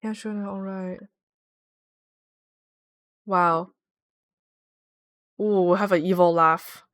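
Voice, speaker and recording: A woman's voice: lowish voice, fairly even intonation, slow pace, a bit bright. A woman streaming a game, chatting casually and giggling as she reads viewer messages aloud. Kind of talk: casual livestream chat.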